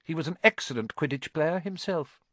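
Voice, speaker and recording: A man's voice: fairly high pitch, lively intonation, fairly quick, a bit bright, dry recording, voice pushed up. A man voicing a stern older female professor, with a clipped, commanding way of speaking, in an audiobook reading. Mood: brisk, stern.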